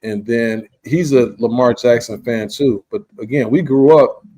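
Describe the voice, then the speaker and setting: Male podcast host, mid-pitched, casual rambling storyteller. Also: measured pace, warm tone. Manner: rambling, laid-back storytelling with frequent "you understand".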